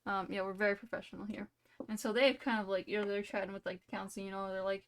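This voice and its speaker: A woman's voice: medium pitch, fairly even intonation, quick pace. A woman streamer telling a silly made-up story during a live game, rambling and playful, full of "like" and "you know".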